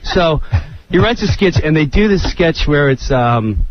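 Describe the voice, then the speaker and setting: A man and comedian guest telling a lively anecdote, slipping into voices of the people in it. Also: a little high, a little slow, no echo, muffled recording. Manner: lively, does voices of others. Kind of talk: animated storytelling.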